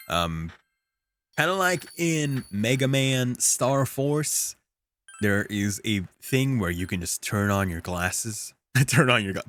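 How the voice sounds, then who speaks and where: A man streaming a game, talking casually in an animated, rambling way with restarts. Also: low-pitched. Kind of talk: casual gameplay commentary.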